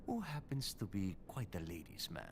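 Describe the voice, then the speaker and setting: A man's voice: fairly low pitch, sing-song, moderate pace, noisy background. An actor playing a flirtatious male ex-cop in a video game with a put-on Spanish accent and a teasing manner. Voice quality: playful, teasing.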